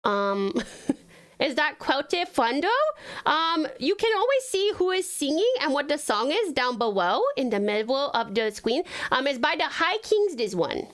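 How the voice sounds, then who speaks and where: Woman, streamer, sugary baby-talk voice, giggly, very lively pitch. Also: unhurried. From Tasmania, Australia. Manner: put-on sugary baby-talk voice, doting endearments; giggly, chatty with viewers. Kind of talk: live stream chat.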